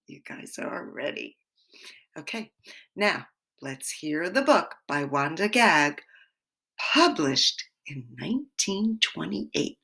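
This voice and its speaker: A woman teaching young children in a gentle, encouraging way, sometimes dropping to a whisper. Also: deep voice, expressive, slow, creaky. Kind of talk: slow, animated children's lesson.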